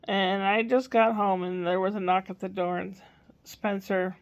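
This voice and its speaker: Chatty older woman with a gravelly voice. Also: medium pitch, fairly even intonation, measured pace, muffled recording. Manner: chatty, rambling, quotes a small child in a raised voice. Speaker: grandmother vlogger. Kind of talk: casual storytelling.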